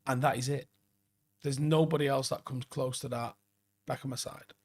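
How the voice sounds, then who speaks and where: A man's voice: medium pitch, fairly even intonation, moderate pace, darkish tone. A man in his forties hosting a late-night football live stream, chatting loosely, reading out viewer comments and swearing freely. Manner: swears a lot, rambling and enthusiastic.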